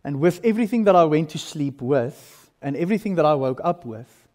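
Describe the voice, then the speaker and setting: South African male pastor, 30s, high voice, animated sermon delivery, long church-hall reverb. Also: a little fast. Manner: animated storytelling, swinging from loud to hushed.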